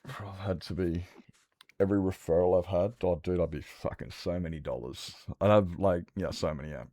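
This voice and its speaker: Young male streamer, deep voice, dry sound, loose candid sweary chat. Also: moderate pace, dark tone, no room sound. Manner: rambling, swears freely, candid. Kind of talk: casual livestream chat.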